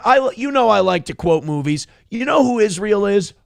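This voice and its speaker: A male host rants through political news with biting sarcasm and lots of profanity. His voice sits fairly high for a man and has a gravelly rasp. The sound is dry and close, with no room around it. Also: expressive, normal speed, few pauses, no room sound. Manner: sarcastic, ranting and heavy on profanity. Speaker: show host.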